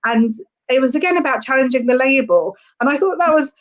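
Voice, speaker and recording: A woman's voice: high voice, lively intonation, fairly quick, dull audio. A young adult woman, a stand-up comedian, chatting casually on a podcast in a rambling way with lots of fillers.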